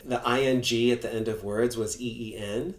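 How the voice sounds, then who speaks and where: A middle-aged man with a faint Massachusetts accent chats as a guest, animated and quick to act out quotes. His voice sits at an ordinary pitch for a man. The room adds a noticeable echo. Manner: animated storyteller, acts out quotes. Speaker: comedian guest. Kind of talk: casual chat. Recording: roomy echo.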